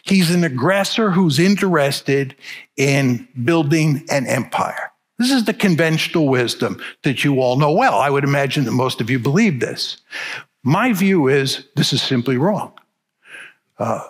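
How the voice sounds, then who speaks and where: A man's voice: mid-range voice, animated, moderate pace, slightly rough. An older man giving a public lecture, arguing his case emphatically and stressing key words. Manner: emphatic, argumentative.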